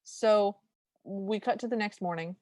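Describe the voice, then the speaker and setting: This podcast co-host is a woman whose medium-pitched voice has a darkish tone and a slightly slow pace, captured in a dry recording. She eagerly walks through a film scene by scene in a casual chat, performing the quotes as she goes.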